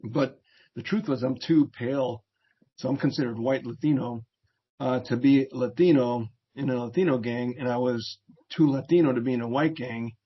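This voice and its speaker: Husky middle-aged man telling stories. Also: mid-range voice, normal speed. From United States. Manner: relaxed storyteller who laughs often and acts out quoted voices. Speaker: interview guest, veteran and therapist. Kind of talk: casual storytelling. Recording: dull lo-fi audio.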